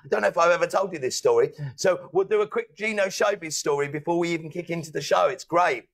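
A man's voice: fairly high pitch, quick pace, creaky. A British man hosting a casual chat, telling stories animatedly, swearing and laughing as he goes. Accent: British English. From England.

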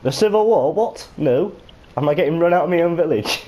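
A young man with a British accent, joking loudly and swearing while playing a game with friends. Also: a little high, a little fast. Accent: British English. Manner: loud, excitable, swears a lot. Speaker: gamer. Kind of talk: casual gaming banter.

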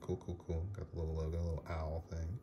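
A man's voice: deep voice, monotone, fast talker. A man casually talking through a card box opening, rambling with many fillers and self-corrections. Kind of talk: casual unboxing vlog. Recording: noisy with packaging crinkle. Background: crinkling packaging and clicks.

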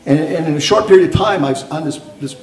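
A man's voice: on the high side, fast, noisy background. An older man, a tribal elder speaking on a panel, giving an earnest, pleading speech to an audience and stumbling over repeated words. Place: event hall after a screening. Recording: roomy hall, voice from off the mic.

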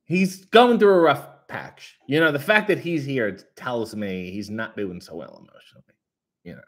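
Jokey man reading chat, very animated pitch. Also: unhurried. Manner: jokey, sarcastic, rambling. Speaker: livestream host reading chat. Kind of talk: casual live chat.

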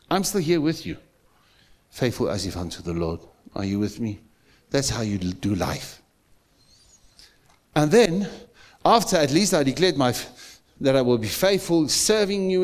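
A pastor with a South African accent preaches a sermon in church, his mid-range voice carrying a darkish tone. He speaks emphatically, repeats phrases, and puts questions to the congregation.

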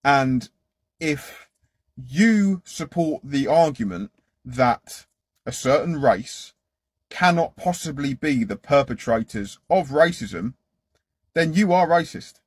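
A man's voice: on the high side, animated, takes it slowly, husky, dry recording. A man delivering a confrontational, lecturing monologue to camera.

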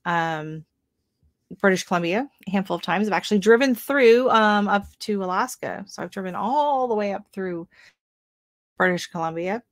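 A woman's voice: lowish voice, gravelly, no echo, studio quality. A woman who grew up in Oregon, hosting a casual gardening live stream, chatting and reacting to viewer comments with many ums and exclamations. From Oregon, US West Coast. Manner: chatty, lots of ums and restarts, exclaims often. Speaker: gardening livestream host.

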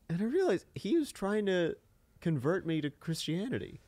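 A man co-hosting a podcast who tells an animated story in casual chat and slips into voices for the people he quotes. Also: on the high side, normal speed, long pauses, no echo. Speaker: podcast co-host.

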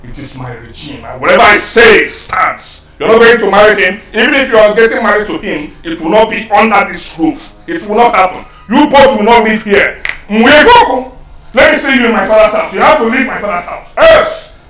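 A man's voice: high-pitched, expressive, normal speed, very echoey, far from the mic, rough recording. A man with a Nigerian accent, playing a hostile brother who rants and threatens in a film drama. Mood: furious. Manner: ranting, shouting accusations. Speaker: angry elder brother.

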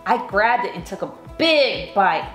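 A woman reading a children's picture book aloud in an expressive, sing-song way. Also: mid-range voice, measured pace, roomy sound, soft background music. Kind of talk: read-aloud storytelling.

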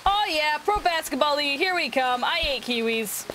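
A woman giving casual, excitable commentary while playing a video game, squealing at cute things. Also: high voice, moderate pace, a little hiss or hum. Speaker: gaming video host. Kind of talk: casual let's-play commentary. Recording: game music behind the voice. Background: game music.

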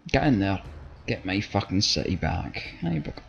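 Scottish guy doing gameplay commentary, low gravelly voice, swears a lot, slightly dull audio. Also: expressive, a little fast. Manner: sweary, blunt, joking banter. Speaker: gaming channel host. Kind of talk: let's play gameplay commentary. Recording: slightly dull audio with faint game music.

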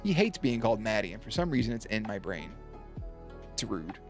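A man's voice: fairly low pitch, sing-song, a little fast, soft background music. A young man streaming and commentating marble races in a hyped, playful way, swearing freely and calling the action like a sportscaster. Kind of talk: casual livestream commentary.

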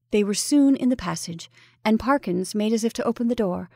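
A woman narrating a classic ghost story in a measured, even reading style. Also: fairly high pitch, vocal fry, no echo, clean studio sound.

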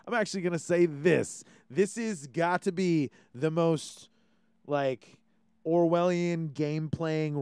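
Man, Hawaiian accent, young, smooth resonant voice, slightly high, dry close sound, rambling rant. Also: darkish tone, dry recording. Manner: rambling, ranting, swears freely. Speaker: podcast host. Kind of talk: casual monologue.

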